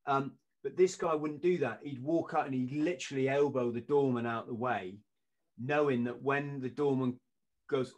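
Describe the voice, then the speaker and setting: A middle-aged man talks as a podcast guest. He tells anecdotes in a casual, lively way and punches out quoted lines as he acts them out. His voice sits in an ordinary middle register. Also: mid-range voice, normal speed. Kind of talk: storytelling in casual chat.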